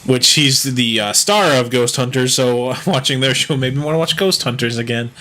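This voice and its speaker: Man, podcast co-host, casual chat, bright tone, rambling, filler words. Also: mid-range voice, moderate pace. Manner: rambling, many fillers, laughs easily.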